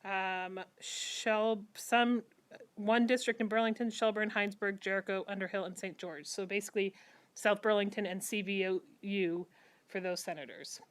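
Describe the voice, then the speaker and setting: A woman giving the city manager's report at a council meeting, steady and businesslike with frequent pauses. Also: mid-range voice. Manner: steady briefing with frequent ums.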